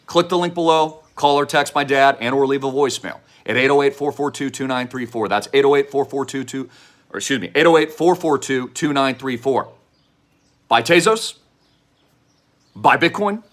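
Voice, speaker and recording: A man delivering a fervent, preachy direct-to-camera investment pitch, repeating slogans and at times shouting them. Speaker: online show host pitching an investment project.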